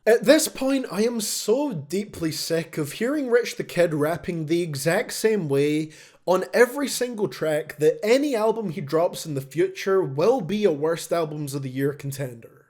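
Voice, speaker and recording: A young man reads out a scripted album review with a blunt, sarcastic edge. His voice sits a bit high and swings widely in pitch, giving the delivery a lively, animated bounce. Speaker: music reviewer.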